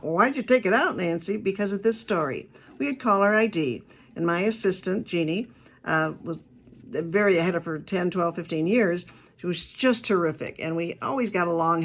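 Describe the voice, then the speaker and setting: A woman giving a keynote talk on customer service, telling stories in a chatty, emphatic way with quick asides. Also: on the low side. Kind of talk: lively talk to a business audience.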